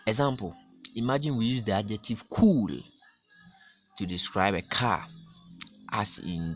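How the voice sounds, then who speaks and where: A man teaching a grammar lesson to his class, explaining slowly and repeating his examples with strong stress. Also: lowish voice, lively intonation, soft background music. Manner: slow, repetitive explaining with emphatic stress.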